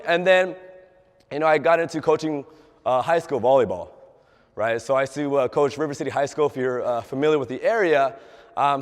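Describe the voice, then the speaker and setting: A young man, a fitness trainer, giving a casual motivational talk to a group, often asking them questions and acting out quoted dialogue. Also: on the high side. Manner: chatty, asks the audience questions, acts out quoted dialogue. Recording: long hall reverb.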